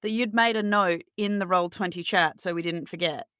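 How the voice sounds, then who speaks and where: A woman's voice: lowish voice, normal speed, a bit bright, smooth, dry recording. A woman runs a tabletop game, describing the action in a playful voice. Her sound is dry and close, with no room around it. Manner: playful, laughs often. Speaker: game master.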